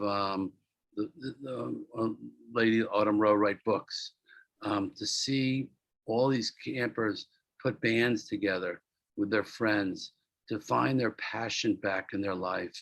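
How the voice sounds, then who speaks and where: Man, interview guest, casual rambling anecdotes, gravelly edge. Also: fairly low pitch, fairly bright tone, no room sound, rough recording. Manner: rambling, repeats words, acts out quotes. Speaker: entertainment producer, interview guest.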